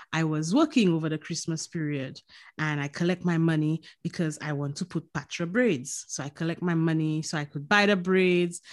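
A woman with a Saint Lucian accent, a podcast co-host telling lively stories in casual chat, laughing and swearing freely. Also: deep voice.

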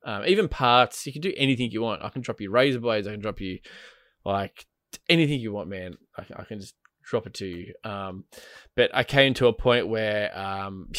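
A man's voice: lowish voice, a bit bright, no echo, studio quality. A man chatting casually about a game, rambling, laughing and swearing, full of fillers. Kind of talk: casual gaming chat.

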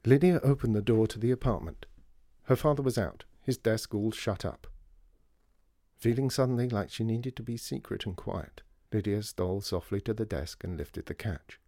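A man reading a children's story aloud in an expressive way and doing the character voices. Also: on the low side, moderate pace, no echo, clean studio sound. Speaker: audiobook reader. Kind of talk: storybook narration.

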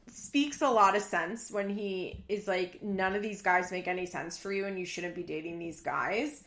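A woman's voice: medium pitch, moderate pace, hardly any pauses, fairly bright tone, roomy sound. A woman hosting a casual podcast, recapping a reality show in a chatty, sarcastic way and swearing freely. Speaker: podcast host.

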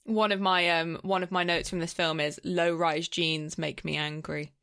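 A giggly, enthusiastic woman co-hosting a casual podcast. Her voice sits a little low for a woman, and her chatter is full of "like" fillers. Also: flat delivery, normal speed, a bit bright, clear, resonant tone. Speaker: podcast co-host. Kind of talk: casual film review chat.

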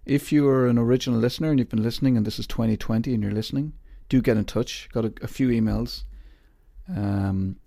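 Gravelly man rambling casually. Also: medium pitch, quick pace, dark tone, no echo, clean studio sound. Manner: rambling, self-mocking, jokey. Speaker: podcast host. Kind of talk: casual chat.

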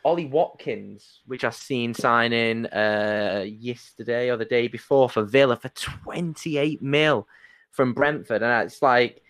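A man's voice: mid-range voice, slow pace, dry recording. Chatty man, dry close sound. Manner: chatty, excitable, rambling with restarts. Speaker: podcast host. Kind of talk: casual football podcast chat.

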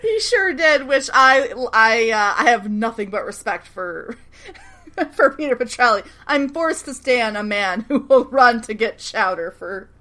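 A woman co-hosting a podcast, recapping a TV show in casual chat, animated and laughing, acting out characters' lines. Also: fairly high pitch, unhurried.

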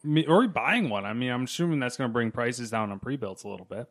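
A man's voice: medium pitch, lively intonation, quick pace, fairly bright tone. Easygoing young man chatting. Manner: easygoing, chatty, hesitant fillers. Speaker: podcast co-host. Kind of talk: casual gaming news chat.

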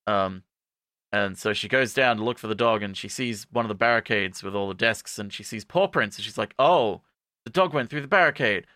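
A man's voice: lowish voice, fairly even intonation, fairly quick, bright, forceful tone, no echo, clean studio sound. A man co-hosting a podcast, recapping a show in a rambling, playful way with jokey asides. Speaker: podcast co-host. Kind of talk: casual comedic recap.

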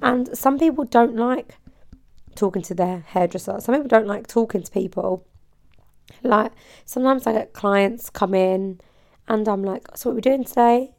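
A bubbly woman talks straight to her listeners in a loose, rambling podcast chat. Her voice sits at an everyday middle pitch, and she laughs easily between thoughts. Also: unhurried, vocal fry, a little mellow. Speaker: podcast host and hairdresser. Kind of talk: casual solo podcast chat.

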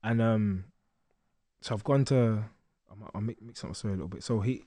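A young man telling a lively story as a podcast guest, acting out the voices of others. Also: fairly low pitch, fairly quick, no room sound, studio quality. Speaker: guest boxer.

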